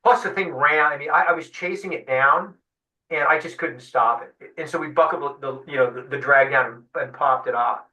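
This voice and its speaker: A man, a fishing guide, telling a lively story in an interview, acting out what people said. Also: fairly high pitch, fairly quick. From San Diego. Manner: animated storyteller acting out quotes. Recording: echoey room, distant mic.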